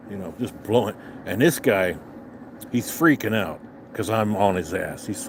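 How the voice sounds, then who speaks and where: An older man tells a road story outdoors in an angry, profane rant, swearing with nearly every line. His pitch swings widely as he goes. A faint outdoor ambience sits behind him. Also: sing-song, normal speed, a little hiss or hum. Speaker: vlogger. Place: outdoors on a restaurant patio.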